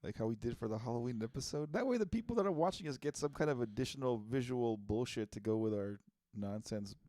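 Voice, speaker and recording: A man's voice: medium pitch, animated, fast, warm tone, dry recording. A man co-hosting a podcast in casual chat, rambling through stories, swearing and laughing often. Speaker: podcast co-host.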